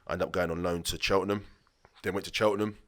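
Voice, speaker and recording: A man's voice: low-pitched, fairly even intonation, quick pace, fairly bright tone. A man in his late thirties, a former footballer and podcast guest, telling rambling stories in a casual way and acting out the dialogue he quotes. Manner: rambling anecdotes, restarts, acts out quoted dialogue. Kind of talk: casual conversational storytelling.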